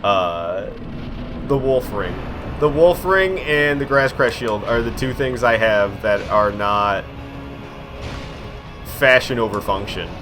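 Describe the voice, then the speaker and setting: A young man chatting through a live game stream, quick to get frustrated and poking fun at himself. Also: on the low side, animated, over music. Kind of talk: casual live-stream commentary.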